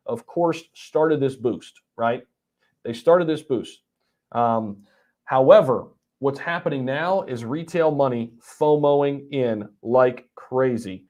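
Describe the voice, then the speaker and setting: A man hosting a live stream, excitedly reacting to charts and reading out viewer comments, with lots of ums and repeats. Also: medium pitch. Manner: hyped, repeats himself, frequent ums and laughs. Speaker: crypto livestream host.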